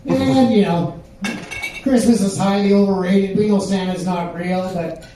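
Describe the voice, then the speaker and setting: Older man, stand-up comic, rambling deadpan, high voice, dark tone. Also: a little slow, heavy reverb, recorded from a distance, slight background noise, rough recording. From Canada. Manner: rambling deadpan delivery with many fillers. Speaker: stand-up comedian. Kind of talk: stand-up set. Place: pub stage.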